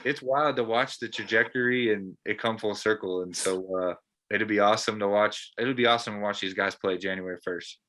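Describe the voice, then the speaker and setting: A man's voice: on the low side, fairly quick, pushed and bright. A man and former player co-hosting a casual postgame chat, earnest and rambling with lots of fillers.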